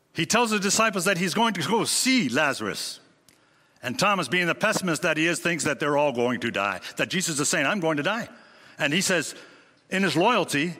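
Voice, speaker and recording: A man preaches in a bright, ringing voice that sits a little high for a man. He is emphatic, leaning on big pitch swings and rhetorical questions. The sound carries a long hall reverb. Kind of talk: sermon.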